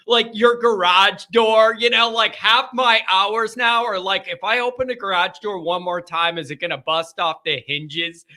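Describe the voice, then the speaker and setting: A man's voice: sits high, fairly even intonation, measured pace, hardly any pauses, bright, forceful tone. A man hosting a live fan call-in show, talking in a casual, rambling way with lots of "like" and "you know". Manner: rambling, conversational, filler-heavy.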